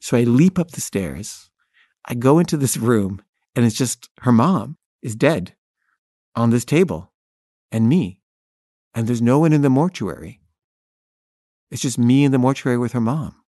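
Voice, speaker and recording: A filmmaker telling a personal story in first person, wry and candid, laughing at himself. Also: male voice, mid-range voice, animated, unhurried, pauses often, warm tone, dry recording, clean studio sound.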